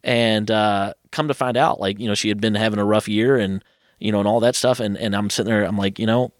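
A man in his thirties, a guest telling personal stories in a lively, casual way, acting out what others said. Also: fairly low pitch, no room sound, clean studio sound. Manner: animated, quotes others in quick asides. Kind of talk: casual storytelling.

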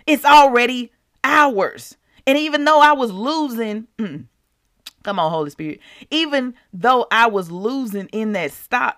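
Animated woman hosting a faith talk. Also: medium pitch, dry recording, studio quality. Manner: animated, talks straight to listeners, laughs often. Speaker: podcast host.

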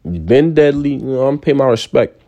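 A young man from New rants in a loose, slang-heavy way. His voice is dark and mellow but swings wildly in pitch, jumping into squeaky outbursts. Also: brisk. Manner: animated, slangy, sudden high-pitched outbursts. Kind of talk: casual rant to camera.

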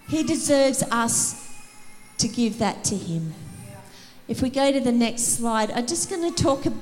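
A woman preaching an energetic sermon in a church, rallying the congregation and calling for responses. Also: a little high, in a large hall. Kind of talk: sermon to a church youth service. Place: church hall.

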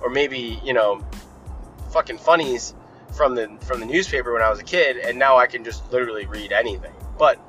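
Young guy podcast host going off on a rant, lots of swearing, bright forceful voice, low music underneath. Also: rough recording. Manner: profane, rambling, opinionated. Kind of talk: casual ranting monologue.

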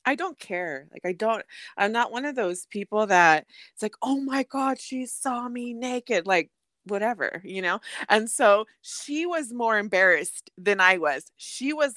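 Woman, podcast co-host, casual chat, lively storytelling, cusses, dry room. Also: measured pace, no room sound. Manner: animated storyteller, bursts into laughter and high squeals; swears freely, mixes in Spanish phrases.

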